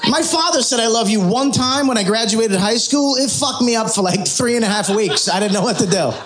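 A man doing a stand-up comedy routine, telling stories in a profane, animated way with voice impressions. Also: sits high, a little fast, echoey room, noisy background.

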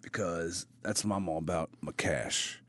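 A man co-hosting a casual podcast, joking and swearing, with sudden bits in silly shrill voices. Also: unhurried, no room sound. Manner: goofy, profane, bursts into loud high-pitched mock voices. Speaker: podcast co-host. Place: small podcast studio.

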